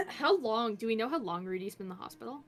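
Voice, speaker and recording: A woman's voice: fairly high pitch, expressive, fairly quick. A woman in a loose group chat, eagerly organizing ideas and swearing casually. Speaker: friend taking notes in discussion.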